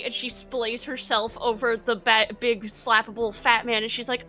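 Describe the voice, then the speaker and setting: A woman's voice: a little high, level tone, moderate pace, few pauses, bright, forceful tone, soft background music. A woman playing a tabletop game, giggly and playful as she describes her character's actions. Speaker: player.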